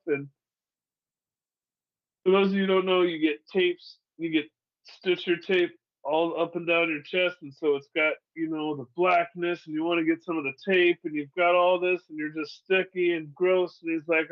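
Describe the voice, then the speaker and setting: A comedian from Seattle telling a personal story in a candid, profane and animated way. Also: male voice, fairly high pitch, moderate pace, muffled recording. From Seattle, USA.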